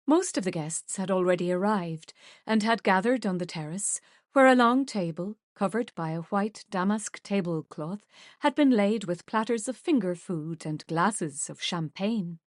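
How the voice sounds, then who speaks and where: A woman's voice: mid-range voice, expressive, a little slow, no echo, clean studio sound. Woman narrating a romance audiobook. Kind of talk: scripted narration.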